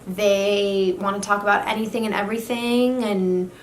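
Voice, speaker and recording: A woman's voice: medium pitch, level tone, normal speed. A young woman talking casually to camera about astrology, chatty and filling her talk with "literally" and "like". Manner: chatty, says "literally" and "like" a lot. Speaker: astrology vlogger. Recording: echoey room with faint noise.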